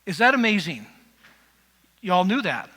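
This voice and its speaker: Chatty pastor guy, kinda high voice, wanders off on tangents, sermon in a big echoey church. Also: sing-song, unhurried, sharp tone, husky. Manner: rambling, chatty, with asides to the congregation. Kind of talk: conversational sermon teaching. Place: church sanctuary. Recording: long reverb of a church hall.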